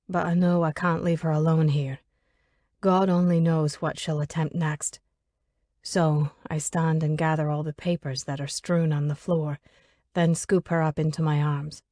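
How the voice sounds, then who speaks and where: A woman narrating an audiobook in a steady, measured reading, recorded close on a studio mic. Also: low-pitched, no room sound.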